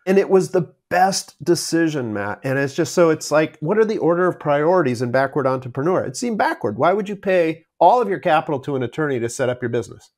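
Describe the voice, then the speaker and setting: A man with a somewhat high voice, a business guest on a podcast, telling anecdotes in an easy conversational way. He chuckles often between points. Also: lively intonation, quick pace, hardly any pauses, darkish tone. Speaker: entrepreneur guest. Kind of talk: casual interview chat.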